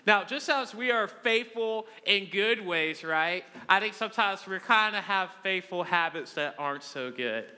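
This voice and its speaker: Young male preacher, twenties, high bright voice, playful self-mocking storyteller, large reverberant hall. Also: expressive, unhurried, hardly any pauses. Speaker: youth preacher. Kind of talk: humorous sermon to a live congregation.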